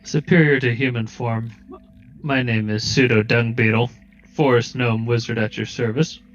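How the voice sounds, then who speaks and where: A man's voice: mid-range voice, steady tone, normal speed, close to an everyday voice. A proud forest gnome wizard, as a man puts him on at the table, announcing himself with lordly haughtiness. His mid-range voice comes through dull and lo-fi. Faint music plays behind him. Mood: haughty. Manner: haughty, loud proclamations.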